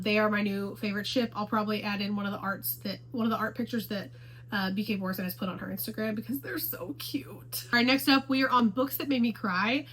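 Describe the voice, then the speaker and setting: A woman's voice: mid-range voice, fairly bright tone, rough recording. A woman chatting casually to the camera about books she loves. She gushes and repeats herself for emphasis. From Houston, Texas area. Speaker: book vlogger.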